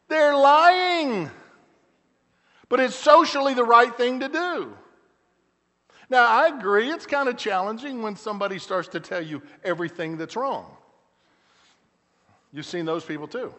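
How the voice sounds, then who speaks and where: A middle-aged man, a pastor preaching a sermon, telling stories with frequent restarts and shifting between loud emphatic lines and quiet, slow asides. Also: very high-pitched, expressive. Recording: church hall with long reverb.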